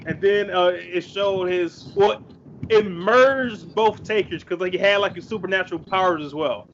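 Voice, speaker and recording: A man's voice: high voice, normal speed, fairly bright tone, a little hiss or hum. A man co-hosting a podcast in casual chat, blunt and swearing freely. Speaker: podcast co-host. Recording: dull lo-fi audio.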